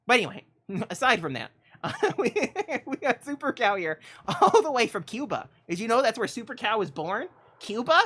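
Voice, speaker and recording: Theatrical, animated woman streamer storyteller. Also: on the high side, moderate pace, slightly rough. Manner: theatrical, swings between loud declarations and hushed asides, laughs often. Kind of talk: mock-epic storytelling on a game livestream.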